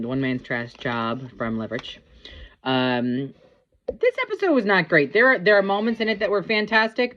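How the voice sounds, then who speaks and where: A woman's voice: low-pitched, dull audio. A woman casually reviewing a TV episode, rambling with lots of ums and likes. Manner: rambling, filler-heavy, chatty.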